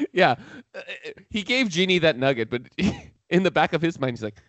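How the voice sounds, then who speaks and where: A man co-hosting a casual sports podcast who laughs often and agrees in quick interjections. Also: a little high, big pitch swings, dry recording. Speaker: podcast co-host.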